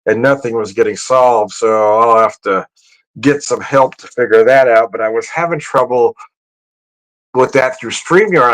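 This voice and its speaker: A man chatting casually on a home livestream about beer, rambling from one thought to the next. His pitch sits in the middle of the range, and he laughs often and doubles back on his words. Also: a bit bright, poor audio. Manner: rambling, chuckling, self-correcting; raises his voice high to mimic greetings. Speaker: beer vlogger.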